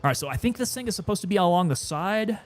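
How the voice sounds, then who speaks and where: A man with a slightly higher-than-usual voice gives loose, chatty commentary as he plays. He talks easily to his viewers, now and then short of breath. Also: fast talker, soft background music. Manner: relaxed, chatty, sometimes winded. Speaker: gaming streamer. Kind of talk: casual gameplay commentary.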